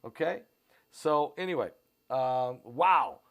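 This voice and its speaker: A man with an American Midwestern accent hosting a live stream, pushing tickets in a repetitive, urgent pitch full of fillers. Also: lively intonation, slow. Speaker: host of a prophecy channel. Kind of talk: live-stream promotion and commentary. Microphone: on camera.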